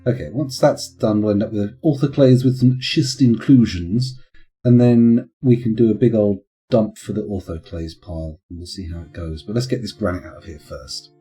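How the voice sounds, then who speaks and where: A man's voice: on the low side, steady tone, normal speed, warm tone, faint music behind. A man with children, chatting casually and rambling into punning tangents while streaming a game. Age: adult with children. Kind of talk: casual live-stream commentary.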